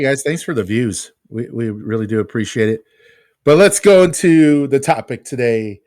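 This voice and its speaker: A man's voice: fairly low pitch, darkish tone, no room sound, clean studio sound. A man co-hosting a podcast, telling a self-mocking story about his work as a pest control technician.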